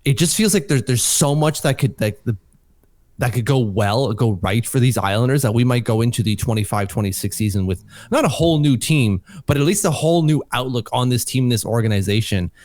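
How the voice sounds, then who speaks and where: A man co-hosting a hockey podcast, excitable and casual, often restarting his sentences and swearing now and then. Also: medium pitch, a little fast, no room sound. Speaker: podcast co-host.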